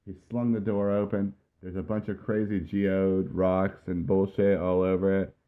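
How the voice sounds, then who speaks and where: A man's voice: low voice, level tone, moderate pace, clean tone, phone-quality sound. A man hosting a podcast, casually telling a rambling personal story. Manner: laid-back, rambling anecdote telling. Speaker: podcast host.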